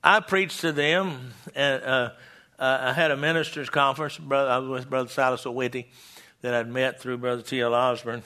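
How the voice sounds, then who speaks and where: A man's voice: mid-range voice, steady tone, moderate pace, pushed and bright. An older man preaching a folksy sermon in a church, stumbling into restarts and tossing out call-and-response asides to the congregation. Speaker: pastor.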